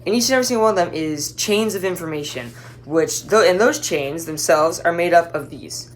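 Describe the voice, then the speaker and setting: Low-voiced woman giving a class talk. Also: lively intonation, brisk, a little hiss or hum. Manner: explains with playful analogies, talking straight to the listener. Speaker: student presenter. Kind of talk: class presentation.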